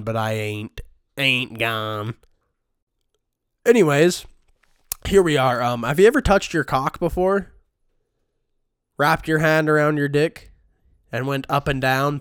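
A man's voice: mid-range voice, expressive, a little slow, long pauses, fairly bright tone, smooth, no echo, studio quality. A man hosting a satirical comedy podcast, ranting crudely with constant profanity while he sounds sick. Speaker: podcast host.

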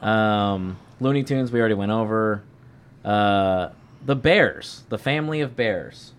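A man's voice: on the low side, a little slow, clean tone. A man co-hosting a podcast, running a quiz on his friends in a casual, teasing, insistent way.

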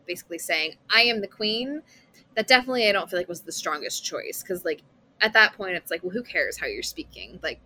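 Woman, lowish, bright tone, casual co-host full of fillers. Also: expressive, fairly quick, a little hiss or hum. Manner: chatty, many "like" fillers, opinionated. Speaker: podcast co-host. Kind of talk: casual chat about films.

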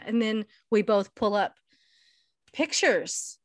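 A woman co-hosting a podcast, telling an animated, profane story and acting out the dialogue in casual chat. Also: medium pitch, slow, no echo, clean studio sound. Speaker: podcast co-host.

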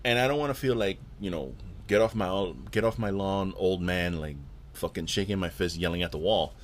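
A man's voice: deep voice, moderate pace, a little hiss or hum. A man hosting his own podcast, ranting alone in a profane, exasperated way and often repeating words. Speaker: podcast host. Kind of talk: casual solo rant.

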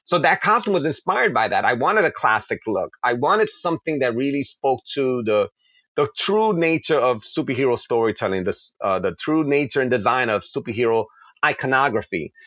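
A man's voice: mid-range voice, animated, fairly bright tone, no room sound, highs cut off. A man, a comic book creator, answering interview questions with passionate, flowing stories. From New York. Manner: passionate, quick-flowing, with acted asides. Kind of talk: animated storytelling in an interview.

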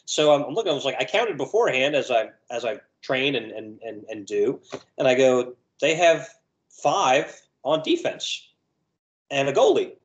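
A man's voice: mid-range voice, very animated, moderate pace, poor audio. A man, a lacrosse referee, telling an anecdote in a conversational way and acting out the voices he quotes. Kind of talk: conversational storytelling.

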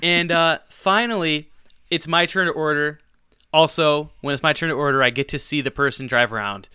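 A man co-hosting a podcast, telling a long casual story in an animated, self-deprecating way with bursts of laughter. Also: a little high, normal speed, clean tone, no echo, clean studio sound. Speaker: podcast co-host.

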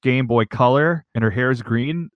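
A man co-hosting a podcast, excitable and rambling in jokey casual chat. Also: mid-range voice, normal speed, dry recording, highs cut off. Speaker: podcast co-host.

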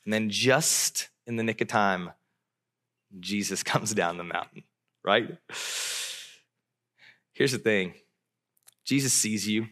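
A man's voice: lowish voice, slow, pauses often. A man preaching a sermon as pastor, telling a story and speaking straight to the listeners. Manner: animated preacher who acts out voices.

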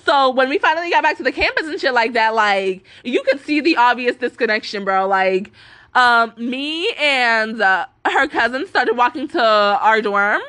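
A woman's voice: on the high side, lively intonation, moderate pace, pushed and bright. A young woman ranting casually through a profane storytime, full of fillers and curse words. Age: young adult. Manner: casual, heavy cursing, lots of fillers like "like" and "bro". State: up all night, tired. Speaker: vlogger.

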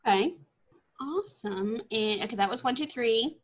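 A woman's voice: on the high side, expressive, moderate pace, slightly rough. A woman in her twenties from Texas, hosting a casual podcast chat, bubbly and self-deprecating, laughing often. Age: 20s. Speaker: podcast host.

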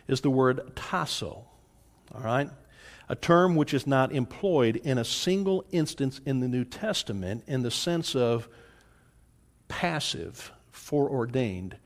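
A man teaching a Bible study lecture in an earnest way, often checking in with his listeners. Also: medium pitch. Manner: earnest, checks in with "all right?".

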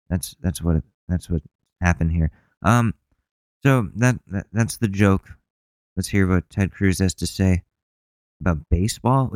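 A man's voice: fairly low pitch, moderate pace, smooth, dry recording, studio quality. A man hosting a casual podcast, rambling and swearing with a sarcastic edge. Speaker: podcast host. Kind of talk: casual commentary.

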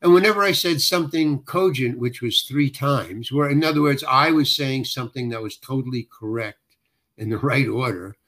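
A man's voice: medium pitch, normal speed, fairly bright tone. An older man, a guest actor, telling a long anecdote in conversation. He often restarts and corrects himself as he talks. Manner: rambling, self-correcting storyteller with frequent restarts.

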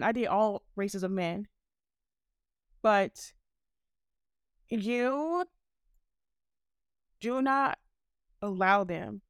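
Woman podcast host, impassioned and profane; clear voice, dry and close-miked. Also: medium pitch, no room sound. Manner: blunt, fiery, profane.

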